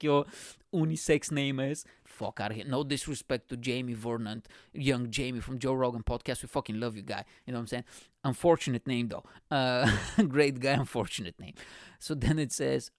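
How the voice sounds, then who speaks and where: A male podcast host delivering a loose comic monologue, full of swearing and filler like bro and you know what I'm saying. His voice sits at an ordinary middle pitch, and the recording is dry and close with no room sound. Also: brisk, no room sound. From immigrant. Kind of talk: casual comedic podcast monologue.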